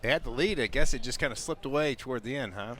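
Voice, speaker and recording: A man giving relaxed color commentary on a baseball game, explaining plays. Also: mid-range voice, fast, a little hiss or hum. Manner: relaxed, explanatory, many fillers. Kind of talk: live baseball analysis.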